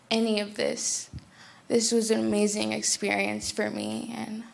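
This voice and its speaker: A teenage girl giving a hesitant personal testimony in church, with many fillers and pauses. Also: medium pitch, vocal fry. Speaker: church member sharing testimony.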